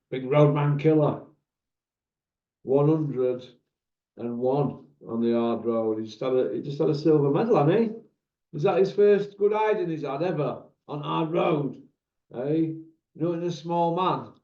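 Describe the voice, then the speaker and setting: Teasing host, roomy lo-fi sound. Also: male voice, medium pitch. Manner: chatty, teasing, laddish banter. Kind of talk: casual chat.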